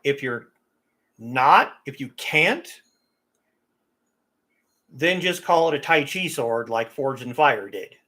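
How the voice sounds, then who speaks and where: A man's voice: medium pitch, expressive, slow, long pauses, bright, forceful tone. A man hosting a casual livestream, talking in an opinionated, emphatic way about getting pronunciation right. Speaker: livestream host.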